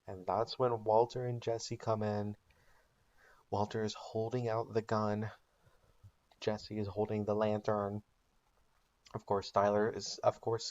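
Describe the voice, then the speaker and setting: A man narrating an invented plot recap for comedy, deadpan and matter-of-fact. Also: lowish voice, highs cut off.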